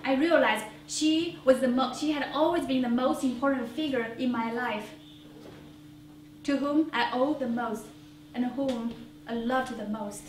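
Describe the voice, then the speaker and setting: A woman from China performing a one-woman theater monologue, earnest and reflective with pauses. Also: sits high. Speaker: solo stage performer. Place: small theater stage before an audience. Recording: roomy theater, distant mic, faint hiss.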